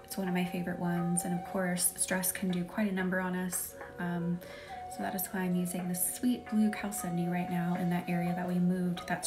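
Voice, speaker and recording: Young woman, reiki host on a live stream, chatty and giggly, drifts into whispers, soft music behind. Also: fairly low pitch. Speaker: reiki practitioner hosting a live session. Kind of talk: casual live-stream chat with guided energy work.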